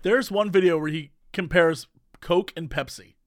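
A man with a notably high speaking voice, bantering on a podcast in an animated, playful way and laughing often. The sound is close and dry, with no room reverb. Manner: animated, joking, quick to laugh. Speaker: podcast host. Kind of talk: casual chat.

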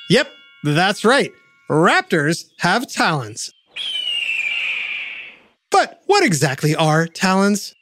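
A woman's voice: on the low side, big pitch swings, slow, pauses often, over music. Playful woman narrating a kids' science show. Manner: playful, addresses the listener with quiz questions. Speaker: narrator and host. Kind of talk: scripted educational narration for kids.

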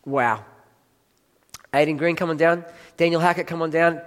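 High-voiced preacher in a reverberant hall. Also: male voice, normal speed. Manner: animated, emphatic storytelling. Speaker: pastor. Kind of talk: sermon with audience volunteers. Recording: long reverb of a large hall.

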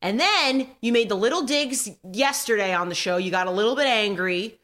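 A woman's voice: a little high, normal speed, a bit bright. A woman co-hosting a radio show, firm and pointed as she lectures a colleague. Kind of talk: heated on-air argument.

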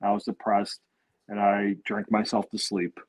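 A man's voice: lowish voice, completely flat delivery, unhurried, poor audio. A man who is a guest on a casual podcast, telling stories in a rambling way and swearing freely.

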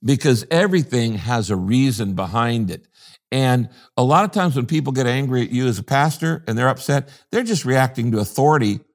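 A man's voice: medium pitch, expressive, fairly quick. An older man, a pastor from the United States, talking in an interview in an emphatic, preacherly way and repeating his key phrases. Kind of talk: interview conversation.

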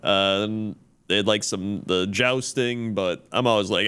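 A man's voice: lowish voice, fairly even intonation, unhurried, fairly bright tone, clear, resonant tone. A man co-hosting a podcast, telling a rambling story in casual chat full of fillers and restarts. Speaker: podcast co-host.

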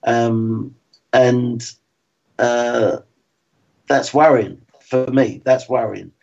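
Man, 60s, former footballer, frank, measured, slightly muffled lo-fi audio. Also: medium pitch, steady tone, gravelly, a little mellow. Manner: frank and plain-spoken, measured. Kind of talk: reflective interview talk. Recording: slightly dull lo-fi sound.

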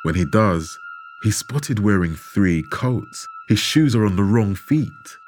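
A man telling a true story in measured, dramatic scripted narration, with rhetorical questions. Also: on the low side, lively intonation, darkish tone, slight background noise. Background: background music.

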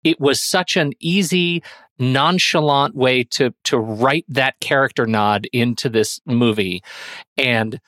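A man in his forties hosting a podcast film discussion, talking haltingly with many fillers and restarts. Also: medium pitch, fairly bright tone, no echo, studio quality. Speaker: podcast host.

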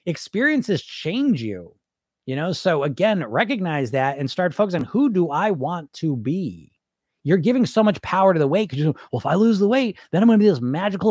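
A man's voice: a little high, dry recording, clean studio sound. A man hosting a weight loss podcast, talking bluntly and emphatically, often laughing and mimicking what dieters say. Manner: blunt and emphatic, with frequent laughs and mock-quoted voices. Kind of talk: casual podcast monologue.

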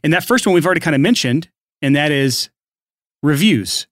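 A male podcast co-host explaining business steps in steady, casual teaching, keeping the talk on track. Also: on the high side, fairly quick, dry recording, clean studio sound. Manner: steady, keeps the episode on track.

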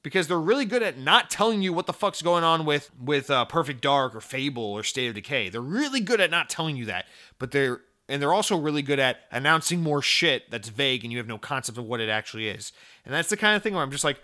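Young male gaming commentator, casual profane rant, bright edgy tone. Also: medium pitch, quick pace. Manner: animated, profane, rambling with fillers.

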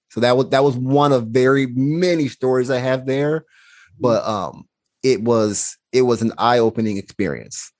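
A man's voice: mid-range voice, measured pace, a little mellow. A man, a podcast guest, telling a personal story in an earnest, reflective way, acting out the quoted dialogue.

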